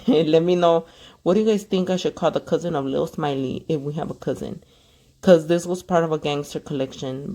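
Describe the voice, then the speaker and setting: A woman's voice: deep voice, creaky, dark tone. A young woman nail technician chatting casually and gossiping as she works, swearing freely. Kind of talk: casual chat while working.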